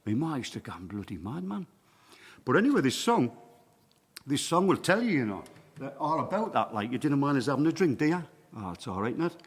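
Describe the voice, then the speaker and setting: Speaking in a sing-song, slightly rough mid-range voice, a little fast, a Sunderland folk singer in his sixties banters in jokey broad Mackem dialect between songs. The small venue is livestreamed, sounds like a big room, and has acoustic guitar in the background.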